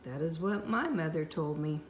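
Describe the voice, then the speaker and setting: A woman's voice: deep voice, animated, moderate pace, a little hiss or hum. Grandmother voicing a playful storybook mom. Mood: motherly. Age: older. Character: playful storybook mother who loves monster tales. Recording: echoey room.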